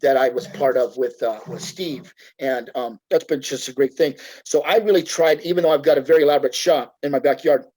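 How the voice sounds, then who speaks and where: Over a poor-quality video call, a middle-aged American woodworker appears as a guest, talking briskly with hardly any pauses in a medium-pitched, slightly mellow voice with a breathy edge. He chats casually, telling folksy, rambling stories and frequently restarting sentences.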